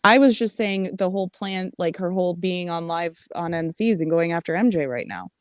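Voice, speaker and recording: A woman trades gossip theories on a casual livestream in a laid-back, speculative way. Her voice sits on the low side for a woman. The recording is dry, with no room echo. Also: lively intonation, normal speed. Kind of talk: casual gossip commentary chat.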